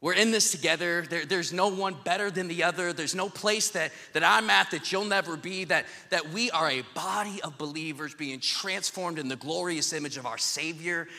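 This pastor's voice sits on the high side and sounds gravelly, moving at a moderate pace with hardly any pauses. He preaches in a church sanctuary through a handheld mic, joking casually and telling animated stories loaded with fillers, all in an echoey hall with long reverb.

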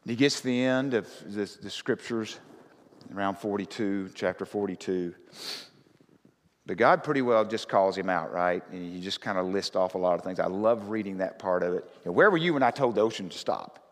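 A man preaching a conversational sermon as pastor, often rising to loud, fervent scripture reading. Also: low voice, moderate pace. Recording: reverberant hall.

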